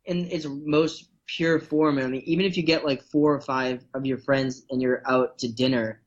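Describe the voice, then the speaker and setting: A man chatting casually as a podcast guest, rambling and filling pauses with "like" as he goes. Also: medium pitch, steady tone, lo-fi sound. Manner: rambling, lots of fillers. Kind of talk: casual chat.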